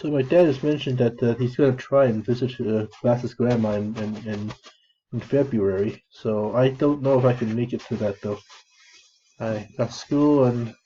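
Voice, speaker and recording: A man vlogging in a flat, downcast monotone, rambling and restarting his sentences often. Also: medium pitch, a little hiss or hum. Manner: halting, many restarts and fillers. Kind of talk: rambling casual monologue. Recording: dull lo-fi recording.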